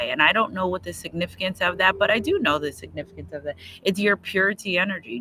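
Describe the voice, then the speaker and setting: A man's voice: high voice, sharp tone, slight background noise, low-quality recording. A man doing a casual livestream tarot reading outdoors. He is chatty and repetitive, and he gets emotional as he talks. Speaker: tarot reader. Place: outdoors near trees and a road.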